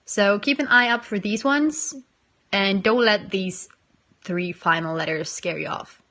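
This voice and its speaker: A young woman giving a casual, self-deprecating pronunciation lesson, slowing down to demonstrate sounds. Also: mid-range voice, fairly bright tone. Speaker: language teacher.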